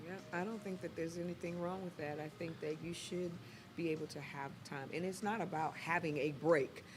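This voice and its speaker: A woman guest in a casual live chat, speaking calmly and thoughtfully with some hesitation. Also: on the low side, moderate pace. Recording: noisy background.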